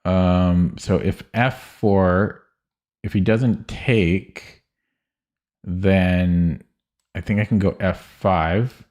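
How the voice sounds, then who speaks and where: Young male streamer, deep voice, unhurried, mumbles and corrects himself while thinking aloud. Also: fairly even intonation, a little mellow, highs cut off. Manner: muttering, hesitant, self-correcting. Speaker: chess streamer.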